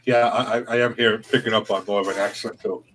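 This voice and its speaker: A man's voice: on the low side, steady tone, fast, a bit bright, a little hiss or hum, rough recording. A man co-hosting a live stream, chatting casually and greeting viewers by name.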